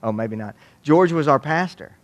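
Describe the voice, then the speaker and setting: Man, folksy, joking, storytelling talk, slightly high voice. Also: expressive, moderate pace. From Waco, Texas. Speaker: youth ministry speaker. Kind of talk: humorous storytelling talk to an audience.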